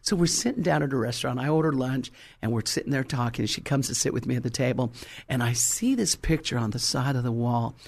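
A woman preacher telling her testimony in a sermon, animated and fervent, acting out the people in her story. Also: extremely low pitch, brisk, creaky, breathy edge. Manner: fervent, exclamatory.

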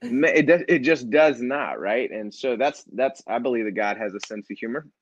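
A nonprofit founder, appearing as an interview guest, tells a personal story in casual conversation, acting out quoted dialogue with lively energy. His voice is mid-range and slightly rough at a moderate pace, and the audio is dull with no room sound.

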